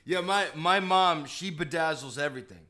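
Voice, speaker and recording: A man's voice: fairly high pitch, normal speed, crowd noise. A man co-hosting a podcast, bantering and joking in a loose, easy way. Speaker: podcast co-host. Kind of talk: casual podcast chat.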